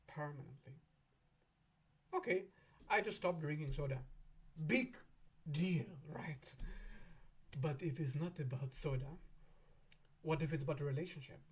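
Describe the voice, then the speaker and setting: A man hosting an astrology video in a casual, animated way, often laughing and acting out imagined back-and-forth voices. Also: on the high side, slightly rough.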